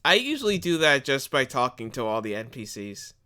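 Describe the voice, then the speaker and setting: A man's voice: mid-range voice, big pitch swings, sharp tone. A man from the United States chatting casually on a stream, playful and goofy. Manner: playful, goofy, quick to laugh. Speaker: stream co-host. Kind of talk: casual chat.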